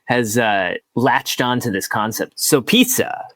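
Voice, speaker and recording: A man's voice: medium pitch, a little slow, fairly bright tone, no room sound. A young man co-hosting a casual podcast, arguing his case earnestly with mock statistics. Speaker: podcast co-host. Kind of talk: casual debate chat.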